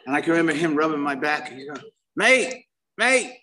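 A man's voice: on the high side, fairly even intonation, rapid-fire, background noise. A middle-aged man giving a personal recovery share at a meeting, rambling and self-deprecating, with lots of restarts. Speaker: main speaker at a recovery meeting. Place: meeting room before a live audience. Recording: voice picked up from a distance.

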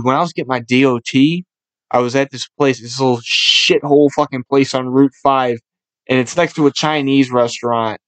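A young man hosting a casual podcast, telling rowdy stories full of swearing and animated voices for the people in them. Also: medium pitch, no echo. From Buffalo, New York area. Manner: loud, swearing, storytelling with animated impressions. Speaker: podcast host.

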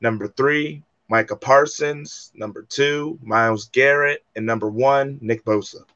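A man's voice: mid-range voice, a little slow, a bit bright. Joking college-bound young man, dull lo-fi sound. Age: young adult. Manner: jokey, playfully defensive. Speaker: co-host. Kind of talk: casual podcast chat.

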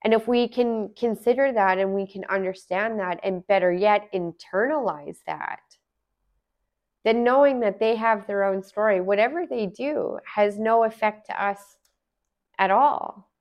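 A woman's voice: mid-range voice, measured pace. Lady talking it through, earnest and chatty, kinda muffled audio. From Alberta, Canada. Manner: earnest, conversational, asks rhetorical questions. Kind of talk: casual reflective monologue.

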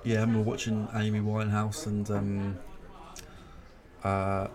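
A man's voice: on the low side, completely flat delivery, unhurried, crowd noise. A man co-hosting a podcast in casual chat, joking and bantering playfully. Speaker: podcast co-host.

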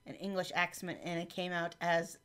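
A woman co-hosting a casual movie podcast, making wry sarcastic asides and quick agreeing noises. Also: on the low side, flat delivery, fairly bright tone, smooth. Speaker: podcast co-host. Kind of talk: casual chat.

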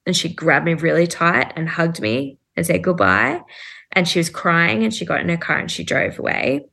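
Low, gravelly woman telling her story. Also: expressive, normal speed, bright, forceful tone. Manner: earnest, recounting events with many "like" fillers and inner quotes. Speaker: guest. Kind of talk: personal storytelling in a podcast interview.

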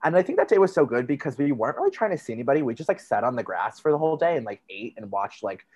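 A man's voice: mid-range voice, very animated, darkish tone, slightly rough. A young man from New Jersey, a podcast guest in casual chat, talking loosely and packing his sentences with "like" and restarts. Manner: chatty, heavy use of "like", quick restarts.

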